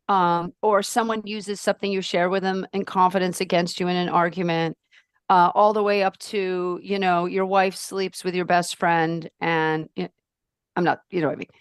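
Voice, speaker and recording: A woman's voice: normal speed, clean tone, no echo. Podcast guest: a forthright woman with emphatic delivery, recorded close and dry. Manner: emphatic, outspoken, animated ranting with swings in pitch. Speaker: podcast guest, life purpose coach. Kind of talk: casual podcast conversation.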